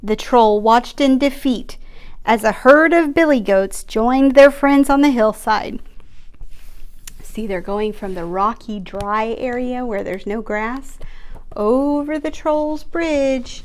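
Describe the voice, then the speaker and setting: A middle-aged children's librarian reads a picture book aloud at an unhurried pace. Her voice sits fairly high, and she gently points out what is happening in the pictures for young listeners.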